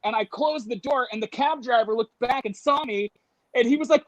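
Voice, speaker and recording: A man telling a story in casual conversation, animated, acting out voices and laughing as he goes. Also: very high-pitched, a little fast, rough recording. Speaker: guest.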